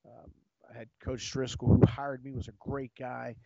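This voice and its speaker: A man's voice: mid-range voice, level tone, moderate pace, vocal fry, dark tone, no echo, muffled recording. A man hosting his own show, telling a personal story in a casual, rambling way with emotional turns and repeated words. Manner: ad read in sports jargon. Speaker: podcast host.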